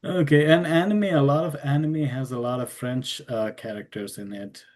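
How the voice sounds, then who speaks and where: A man's voice: medium pitch, fairly even intonation, normal speed, darkish tone. Hesitant male interviewer. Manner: hesitant questions with laughs. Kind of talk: casual interview questions.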